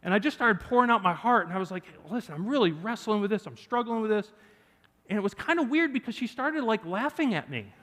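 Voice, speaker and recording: A fast talker with a high voice preaches to his congregation, weaving jokes into an animated personal story. The church sanctuary adds hall reverb.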